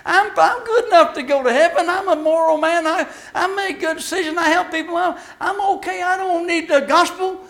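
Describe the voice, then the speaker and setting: A man doing a self-righteous braggart, smug, boastful, high sing-song voice, gravelly edge. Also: a little fast, hardly any pauses, fairly bright tone, exaggerated voice.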